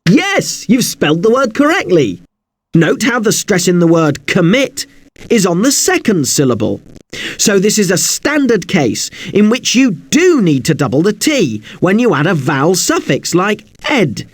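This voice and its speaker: A man with a high, lively voice teaches an English spelling lesson. He talks slowly and spells words out letter by letter. The recording is dry and close. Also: dry recording.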